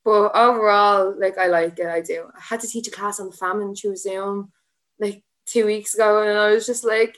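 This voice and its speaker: A woman's voice: mid-range voice, steady tone, moderate pace. Chatty young Irish woman. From Ireland. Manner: chatty and rambling, heavy use of "like", frequent laughter. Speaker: guest, MMA fighter and student teacher. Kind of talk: casual podcast chat.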